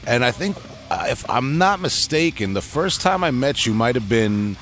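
A man's voice: medium pitch, big pitch swings, normal speed, fairly bright tone. A man hosting a podcast interview, talking loosely with many restarts and fillers. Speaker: podcast host. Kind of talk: casual interview chat.

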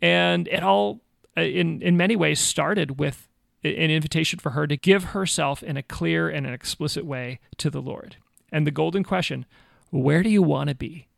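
A man with a strongly gravelly, creaky voice, pitched a touch above the usual, talks through a faith conversation in an animated storytelling way. The sound is dry and close. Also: moderate pace, dry recording. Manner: animated storyteller, acts out quotes. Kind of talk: casual faith talk with storytelling.

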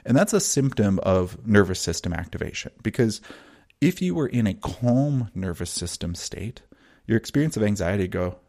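A man teaching breathwork in a calm, measured, soothing way, with long pauses. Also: fairly low pitch. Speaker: breathwork and wellness guide. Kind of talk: teaching monologue.

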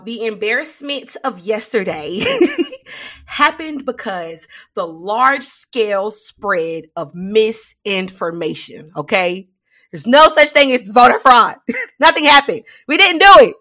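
A woman co-hosting a casual podcast chat, telling stories in an animated, slangy way with quick asides. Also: a little high. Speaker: podcast co-host.

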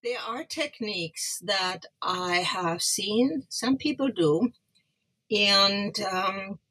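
A woman's voice: medium pitch, very slow, pushed and bright, poor audio. An older woman, a guest instrument restorer, speaking hesitantly and searching for words. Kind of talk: casual interview chat.

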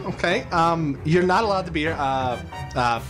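A man's voice: a little high, lively intonation, unhurried, music in the background. A man hosting a podcast, chatting casually and joking with playful banter. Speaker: podcast host. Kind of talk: casual chat.

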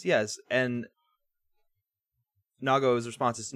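A man's voice: mid-range voice, animated, moderate pace, fairly bright tone, dry recording, clean studio sound. A man co-hosting a podcast in casual chat, swearing freely and acting out quotes as he recaps. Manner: casual and profane, acts out quotes.

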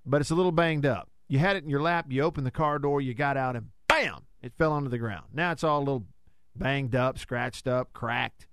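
A man's voice: mid-range voice, brisk, a bit bright, smooth, dry recording, studio quality. Folksy man hosting radio. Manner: folksy, joking asides. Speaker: sports radio host reading live ads. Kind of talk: casual radio chat with live reads. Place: radio studio. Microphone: studio microphone.

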